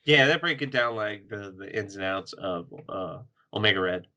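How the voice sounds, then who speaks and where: Man, podcast co-host, casual chat, animated, laughs a lot, bright tense tone. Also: fairly low pitch, normal speed. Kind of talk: casual comic book chat.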